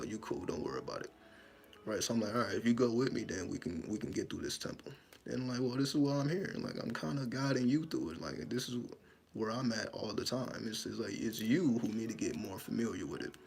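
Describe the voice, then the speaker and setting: A spiritual storyteller with a gravelly, lowish voice delivers a casual monologue about a dream. He's animated and profane, acting out his own panicked lines as he goes.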